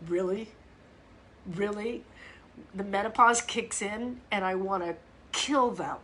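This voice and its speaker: A middle-aged woman, a fitness coach, chatting casually on a live stream in a blunt, profane and animated way, with lots of restarts. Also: mid-range voice, slow.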